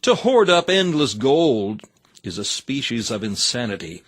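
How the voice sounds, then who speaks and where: A man's voice: mid-range voice, sing-song, measured pace. A man reading a sermon aloud in an earnest, exhorting manner with old-fashioned scriptural phrasing. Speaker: reader of a sermon.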